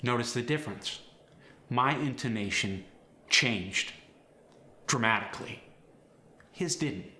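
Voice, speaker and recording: Bright-voiced man teaching accents. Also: mid-range voice, animated, takes it slowly, pauses often, reverberant, a little hiss or hum. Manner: clear, explanatory, step by step. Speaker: accent coach. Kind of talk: instructional lesson.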